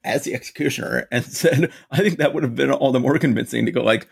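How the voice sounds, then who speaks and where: Man, very gravelly voice, husky tone, casual podcast co-host, chatty opinions. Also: medium pitch, a little fast, hardly any pauses. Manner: chiming in with opinions and agreement.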